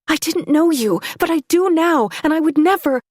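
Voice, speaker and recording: A woman's voice: mid-range voice, moderate pace, slightly rough, no echo, pitched above the performer's own voice, lightly acted. A woman reading a desperate young woman who pleads, close to tears, her voice rising. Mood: pleading.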